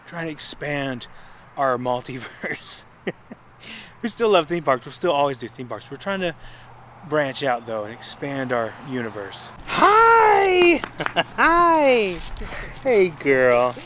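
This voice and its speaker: A man's voice: mid-range voice, unhurried, fairly bright tone, a little hiss or hum. A man hosting a casual vlog from home, chatty and rambling, often restarting his phrases. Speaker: vlog host.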